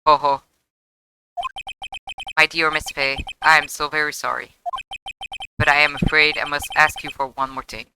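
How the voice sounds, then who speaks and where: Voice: medium pitch, little pitch movement, moderate pace, long pauses, music in the background, natural voice, low-quality recording. A streamer reading a pompous, mock-polite villain from a video game, with florid speech. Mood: smug. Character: pompous smug villain man, gentleman blackmailer.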